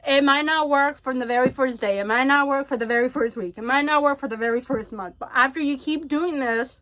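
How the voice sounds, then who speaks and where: Young woman vlogger, high voice, earnest heart-to-heart storytime, keeps repeating for emphasis. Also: fairly quick, a bit bright. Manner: earnest, confiding, repetitive emphasis. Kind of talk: heartfelt storytime advice vlog.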